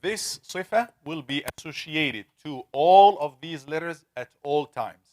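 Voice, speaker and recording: A man teaching a classroom lesson, asking students questions and slowly repeating sounds to demonstrate pronunciation. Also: a little high, animated, a little mellow. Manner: conversational, asks the class questions. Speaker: Quran recitation teacher.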